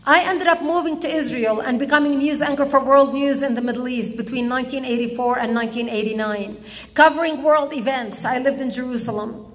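A woman from Lebanon giving an impassioned public speech, telling stories slowly with emphatic pauses. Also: high voice, in a large hall. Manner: dramatic storytelling, slow emphatic pauses. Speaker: public speaker. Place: public event hall.

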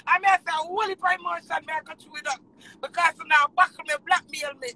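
A tearful woman with a Jamaican accent, ranting emotionally, swearing in patois, swinging from low mutters to shouts. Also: fairly even intonation, a little fast, a little hiss or hum, low-quality recording. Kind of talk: emotional live rant.

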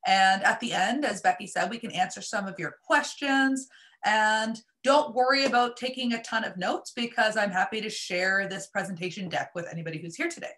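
A woman presenting a live online marketing workshop, upbeat and chatty, her voice a little raspy as she is losing it. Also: medium pitch, moderate pace, a bit bright. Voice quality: slightly raspy. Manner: upbeat, chatty, many fillers.

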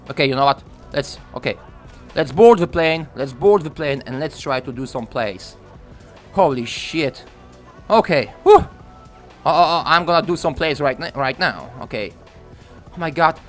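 A young man commenting on his own gameplay from home, swearing a lot and ranting with excitement. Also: a little high. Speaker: gaming commentator. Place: room at home.

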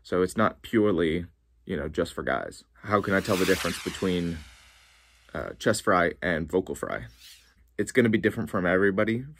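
Male vocal coach, deep and raspy with fry, laid-back teaching tone. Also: a little fast, slight background noise. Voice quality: gravelly low voice with vocal fry. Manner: relaxed, chatty, frequent ums. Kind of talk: casual explanatory lesson.

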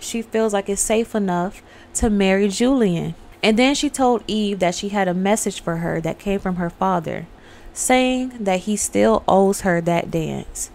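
A woman's voice: mid-range voice, darkish tone. A young adult woman hosting her own channel, casually recapping a film in a chatty, storytelling way, talking straight to her viewers. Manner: acts out characters' lines. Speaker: online host recapping a film. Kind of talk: casual spoken movie recap.

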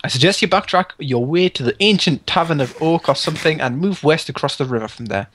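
A man voicing a gruff old wizard while reading out game directions. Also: fairly high pitch, lively intonation, fast, fairly bright tone, a little hiss or hum, pitched below the performer's own voice. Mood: instructive.

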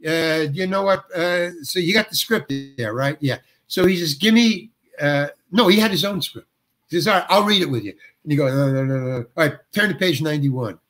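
An older male actor, a guest, telling a long anecdote and acting out the other people's dialogue with lively shifts of voice. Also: a little high, fairly quick. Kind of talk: storytelling anecdote.

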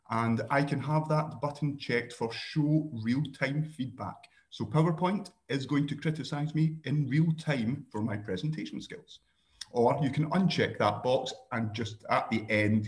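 A man with a Scottish accent giving a relaxed screen-share software tutorial over a video call, with dry joking asides and frequent ums. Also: mid-range voice. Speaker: workshop presenter.

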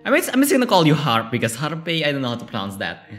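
A man talks through a game in casual, excitable commentary, laughing often and swearing. His voice is bright and his pitch bounces all over, though his pace stays slow. Faint game music sits behind him. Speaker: let's play gamer.

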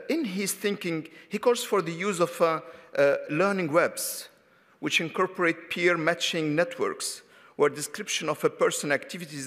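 A man's voice: a little high, a bit bright. A man from Tunisia moderating an academic panel, hesitant, with many fillers and restarts. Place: conference hall. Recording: reverberant conference hall.

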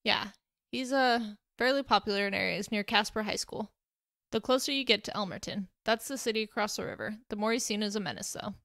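A woman's voice: medium pitch, brisk, a bit bright, dry recording, studio quality, natural voice. A woman voicing an awkward, nervous young man who drives and hides a secret, apologetic and a bit too eager.

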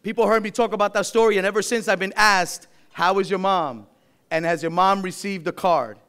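A man from Puerto Rico speaks at a dinner in a large hall, heartfelt as he introduces the governor. His voice is fairly high and smooth. He climbs to a rousing, forceful build as he introduces the guest. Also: a little fast. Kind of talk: public address at a dinner.

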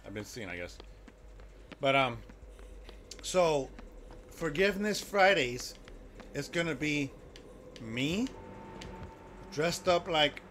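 A man's voice: fairly high pitch, expressive, takes it slowly, long pauses, fairly bright tone, a little hiss or hum. A man streaming a video game, chatting loosely with his viewers and reacting to the game as he plays. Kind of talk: casual live-stream chat while gaming.

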